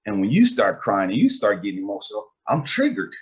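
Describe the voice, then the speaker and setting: A man's voice: fairly low pitch, wildly swooping pitch, a little fast. A man hosting a casual talk as a life coach, speaking emphatically in a streetwise way and often asking if he's understood. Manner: emphatic, streetwise, repeats "you know what I mean".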